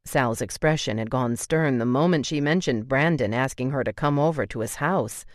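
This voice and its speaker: Low-voiced, emotive woman audiobook narrator. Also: normal speed, few pauses, no echo, studio quality. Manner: emotive, acts out the heroine's tearful lines.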